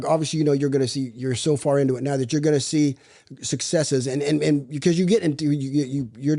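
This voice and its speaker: Male co-host, warm and dark in tone, teasing, rambling questioner. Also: medium pitch. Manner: ribbing banter, rambling questions with restarts. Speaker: podcast co-host. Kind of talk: casual chat.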